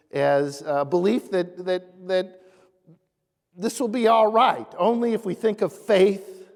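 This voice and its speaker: A man preaching a sermon as pastor in a church sanctuary, earnest, rising animatedly and dropping soft. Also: high-pitched. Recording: echoey church hall.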